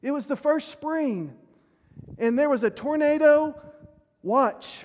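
A man's voice: very high-pitched, takes it slowly, darkish tone, dull audio. A male pastor preaching a sermon earnestly, often repeating words as he builds a point. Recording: reverberant hall.

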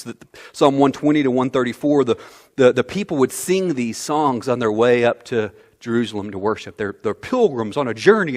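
A man preaching a sermon as pastor, animated, swinging from quiet asides to loud outbursts. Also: medium pitch. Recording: long hall reverb.

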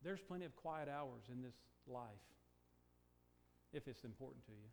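An older man preaching a sermon, moving from quiet, reflective talk to slow, emphatic declarations. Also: mid-range voice, expressive, creaky, a little hiss or hum. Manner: preaching, swings from hushed to emphatic, stretched slow phrases. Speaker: pastor.

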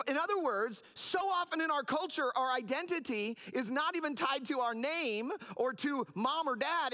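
A man's voice: very high-pitched, sharp tone. A middle-aged man, a pastor, preaching a sermon in an earnest, storytelling way with frequent restarts.

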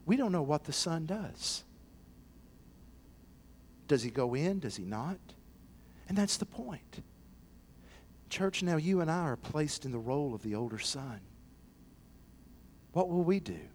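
Slightly slow and with long pauses, a male pastor preaches over slight background noise. His sermon dips to quiet lows and surges to loud, excited shouts as he acts out parable characters.

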